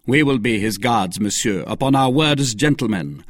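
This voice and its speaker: A man reading aloud, voicing a calm, noble male musketeer who speaks coolly and firmly. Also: medium pitch, moderate pace, dry recording, natural voice.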